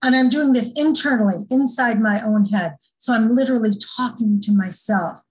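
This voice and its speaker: Calm woman presenting a parenting workshop. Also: a little high, moderate pace, poor audio. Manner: calm, earnest, explains step by step with many fillers. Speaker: former teacher.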